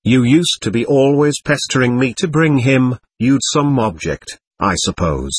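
A man raising his voice to play an excitable young woman who chatters and teases with a lilting, lively rise and fall. The tone is a little husky and dry, and it is heard close up as a storybook reading. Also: medium pitch, unhurried, no room sound. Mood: teasing. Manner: chattering, teasing, bright lilt.

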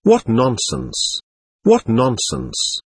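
Resentful, snarling young man, voiced by a male reader; husky, dry storybook read. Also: mid-range voice, very animated, measured pace, a bit bright, no echo, exaggerated voice. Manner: snarling and sulky.

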